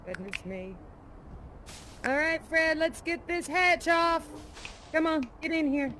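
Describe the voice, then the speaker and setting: A plucky folksy 1930s aviator. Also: female voice, high-pitched, takes it slowly, a little hiss or hum, full character voice. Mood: hearty. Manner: folksy, hearty, animated storyteller. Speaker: live actor in a virtual reality theater show. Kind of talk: interactive theatrical role-play with an audience.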